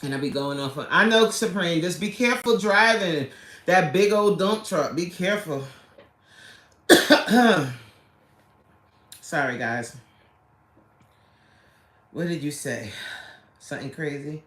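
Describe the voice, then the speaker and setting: Woman livestream host, unhurried and chatty, greets viewers by name, echoey room. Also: low voice, animated, fairly bright tone. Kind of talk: casual livestream chat.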